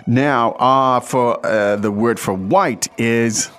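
A man's voice: medium pitch, slow pace, fairly bright tone, clean tone, faint music behind. A man hosting a language lesson, prompting his co-host with questions and plenty of fillers. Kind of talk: casual teaching chat.

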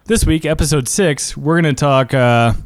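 A middle-aged man co-hosting a podcast in casual chat, laid-back, chuckling often and trailing off softly. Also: on the high side, normal speed, no room sound. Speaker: podcast co-host.

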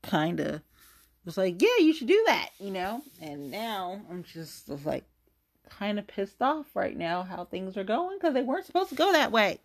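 Profane, exasperated woman ranting, lively pitch. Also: measured pace. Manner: profane, exasperated, talks to the viewer directly. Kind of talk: casual rant monologue.

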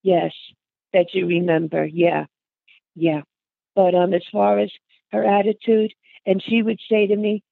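A woman's voice: medium pitch, flat delivery, unhurried, creaky, pauses often, no echo, phone-quality sound. An older woman reminiscing in an interview, chatty and calling the listener hon and honey. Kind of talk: reminiscing conversation.

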